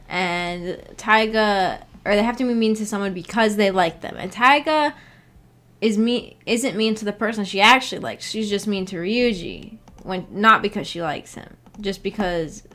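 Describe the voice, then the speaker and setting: A woman's voice: mid-range voice, fairly bright tone. A woman streamer in casual livestream chat, rambling, giggling and correcting herself as she goes.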